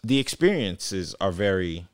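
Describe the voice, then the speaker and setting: A man's voice: sits low, very animated, a little slow, no room sound, clean studio sound. A man, not a native English speaker, co-hosting a podcast and telling stories in casual chat. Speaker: podcast co-host.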